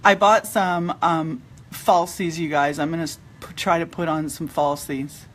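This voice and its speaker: A woman's voice: deep voice, fairly even intonation, measured pace. A middle-aged woman chatting casually while doing her makeup, retelling an everyday run-in with quoted back-and-forth dialogue. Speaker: vlogger.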